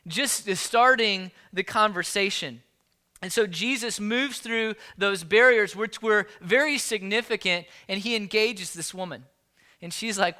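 High bright-voiced man preaching casually. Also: clean tone. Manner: casual, repeats and restarts words, rhetorical "all right?". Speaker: pastor. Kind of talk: conversational sermon.

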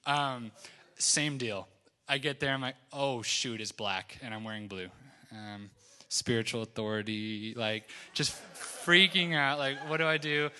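A man's voice: mid-range voice, measured pace, pushed and bright, slight background noise. A young man casually telling a mission-trip testimony, rambling with lots of fillers and laughing at his own story.

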